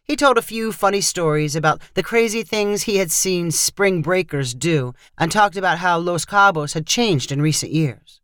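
A narrator reads a short story in a steady, scripted storytelling voice. The pitch sits in a middle range, and the recording is dry and close, with no room echo. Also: moderate pace, hardly any pauses.

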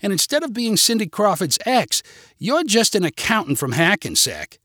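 A man voicing a loud, pushy, jealous middle-aged wife who talks insistently and indignantly. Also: high voice, wildly swooping pitch, normal speed, no room sound, clean studio sound, pitched above the performer's own voice, heavily acted.

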